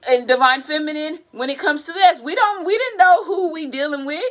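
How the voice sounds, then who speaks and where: High-pitched, bright-toned woman ranting. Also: a little fast, hardly any pauses. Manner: profane, exasperated ranting with bursts of laughter; loud outbursts then low muttering. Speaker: tarot reader. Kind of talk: casual tarot reading monologue.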